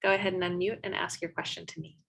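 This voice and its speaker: A woman's voice: lowish voice, fairly even intonation, fast, gravelly, a bit bright, slight background noise, low-quality recording. Chatty woman moderating an online debate. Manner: friendly, chatty, playful.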